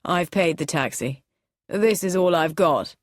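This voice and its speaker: A woman voicing a charming, wry gentleman. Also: lowish voice, unhurried, dry recording, studio quality. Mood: easy, charming. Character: charming, teasing young gentleman, dry wit.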